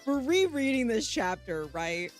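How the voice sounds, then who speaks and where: A woman's voice: fairly high pitch, sing-song, a little slow, soft background music. A woman streaming live, chatting casually and reading a visual novel aloud, laughing often and swearing freely.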